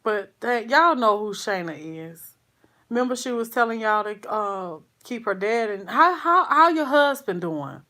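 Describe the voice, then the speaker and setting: A woman vlogger talking slowly and softly to her viewers, full of sighs and halting restarts. Her voice is subdued and grieving, and she calls her audience y'all in a loose, casual livestream chat. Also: a little high, animated. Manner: slow, sighing, halting, speaks to viewers as y'all.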